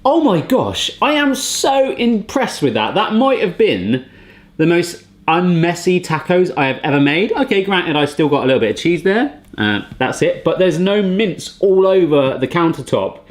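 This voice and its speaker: Guy in his thirties, playful vlogger, animated and upbeat, talks to camera. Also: high voice, normal speed, soft background music. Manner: playful, jokey, talks straight to viewers. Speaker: cooking gadget reviewer. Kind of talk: casual chatty vlog.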